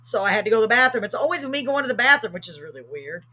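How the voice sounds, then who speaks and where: A woman's voice: on the high side, sing-song, racing, a crowd in the background. A middle-aged woman, telling a story on a live talk show with emphatic, acted-out quotes. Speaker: host.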